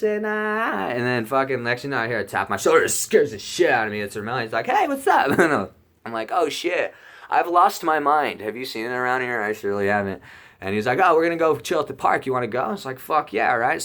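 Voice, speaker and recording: A young man telling a rambling personal story in a casual vlog, excitable and full of swearing and fillers. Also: on the low side. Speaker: YouTuber telling a trip story.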